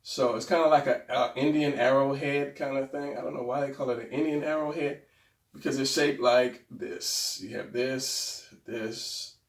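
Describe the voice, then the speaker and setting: A man's voice: medium pitch, fairly even intonation, moderate pace. A man teaching anatomy drawing in a casual, rambling way, thinking aloud as he sketches. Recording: roomy, mic far from speaker.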